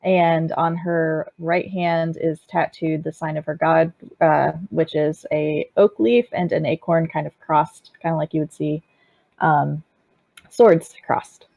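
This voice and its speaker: A woman's voice: low voice, steady tone, takes it slowly, vocal fry, narrow, tinny audio. A woman describing her character at a tabletop game, hesitant with many fillers. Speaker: player.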